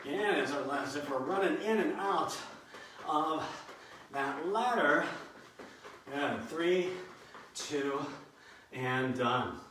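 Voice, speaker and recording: A man's voice: fairly high pitch, expressive, slow pace, pauses often, fairly bright tone. A man leading a workout class, counting out reps and cueing moves with joking asides. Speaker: fitness instructor. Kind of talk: live workout coaching. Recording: echoey room, mic at a distance, faint noise.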